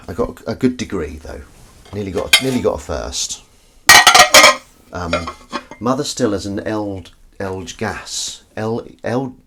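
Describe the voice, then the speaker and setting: A man's voice: deep voice, noisy background. A man hosting a livestream while washing up, chatting in a rambling, self-deprecating way and reading out viewers' comments. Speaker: livestream host. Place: home kitchen at the sink. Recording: kitchen with clattering dishes and cutlery behind.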